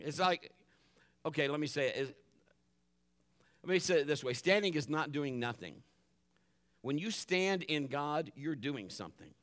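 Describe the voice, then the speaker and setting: A middle-aged male pastor preaches with a lively voice that climbs and falls across a wide pitch range. He acts out his family's voices and drops to a hushed tone for calm moments. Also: unhurried, pauses often. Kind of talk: sermon.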